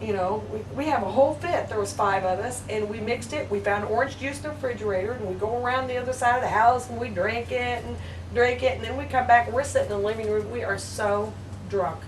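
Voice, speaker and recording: A woman with a high voice tells family stories with lively energy, laughing along as she goes. She sounds roomy and a little distant from the mic. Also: fast, slight background noise. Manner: animated, laughs through her stories. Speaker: family member telling stories. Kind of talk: casual storytelling.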